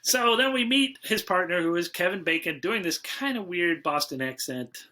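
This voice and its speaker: A man's voice: sits high, animated, moderate pace, bright, forceful tone. A man hosting a casual movie-review podcast, loosely recapping the plot with fillers and asides. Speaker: podcast host.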